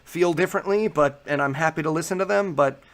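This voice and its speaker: A man's voice: a little high, fast, fairly bright tone. A man guesting on a podcast, explaining his views at length in earnest, casual discussion.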